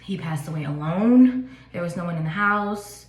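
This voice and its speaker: Chatty woman in her twenties, lower voice. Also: lively intonation, normal speed. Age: 20s. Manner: casual, chatty, many fillers. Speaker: vlogger. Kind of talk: personal storytelling vlog. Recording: echoey room.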